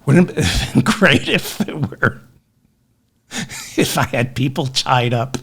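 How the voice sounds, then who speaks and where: Lively, bright-voiced ranting podcast host. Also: male voice, mid-range voice, slow, creaky, breathy edge. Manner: ranting, sarcastic, self-deprecating asides. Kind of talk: comedic news commentary.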